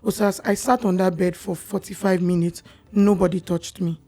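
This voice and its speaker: A young Nigerian woman, a podcast guest, telling her personal story in a candid, animated way. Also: on the low side, moderate pace.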